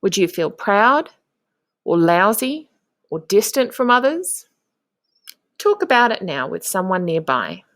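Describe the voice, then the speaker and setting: A woman, a primary teacher, talks young children through a lesson. Her pace is unhurried and her pitch swoops up and down in a sing-song way. The voice-over is close and dry, with no room sound. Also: big pitch swings, a bit bright, dry recording. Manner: slow, sing-song and encouraging, with clear prompts to the class. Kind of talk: instructional narration for young children.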